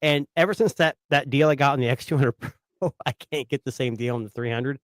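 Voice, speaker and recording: A man's voice: medium pitch, fairly quick, no echo, clean studio sound. A man in his thirties, a father of three, rambling casually about buying phones, with lots of fillers. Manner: rambling, filler-heavy storytelling. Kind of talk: casual tech chat.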